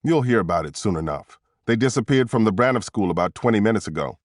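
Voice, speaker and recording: A man voicing a guarded male Secret Service agent in an audiobook, speaking low, clipped and measured. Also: animated, no echo, clean studio sound, close to an everyday voice.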